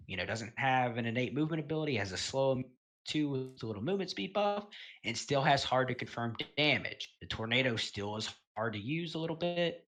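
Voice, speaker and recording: A man giving casual, rambling commentary on a gaming tier list, full of fillers and self-corrections and the odd swear word. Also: mid-range voice. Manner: relaxed, offhand, occasional swearing.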